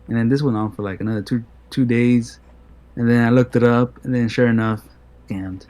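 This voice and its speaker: A man's voice: medium pitch, brisk, darkish tone. A young man telling a rambling story in casual chat as a podcast co-host. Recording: music behind the talk.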